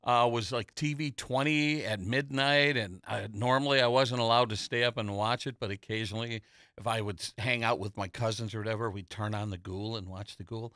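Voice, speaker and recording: Lower-voiced, bright host reminiscing casually. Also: male voice, steady tone, brisk, dry recording, studio quality. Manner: chatty, nostalgic storyteller with many fillers. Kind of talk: casual chat. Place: local TV studio. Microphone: studio microphone.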